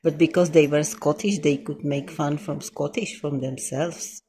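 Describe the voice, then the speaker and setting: Slow-spoken Czech-accented woman. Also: low voice, steady tone, dark tone. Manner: thoughtful, speaks slowly, searches for words. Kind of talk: casual chat.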